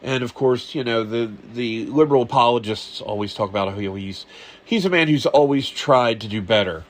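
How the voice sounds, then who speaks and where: A man's voice: medium pitch, normal speed. A man hosting a podcast, giving casual political commentary in a sarcastic, rambling way with muttered asides. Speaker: podcast host.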